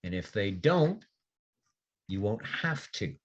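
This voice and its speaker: A man's voice: on the low side, very animated, takes it slowly, husky, lo-fi sound, heavily acted. A man voicing a gracious, poised noble fae woman, who speaks formally and with measure.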